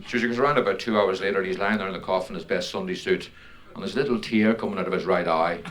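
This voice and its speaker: A man from Northern Ireland doing live stand-up, telling jokes in a brisk way and laughing between punchlines. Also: deep voice, a bit bright. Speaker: stand-up comedian.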